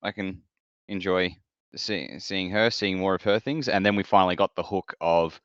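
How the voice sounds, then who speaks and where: Deep-voiced man chatting. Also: normal speed, fairly bright tone, smooth, no room sound, highs cut off. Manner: rambling, self-correcting. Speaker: podcast co-host. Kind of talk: casual chat.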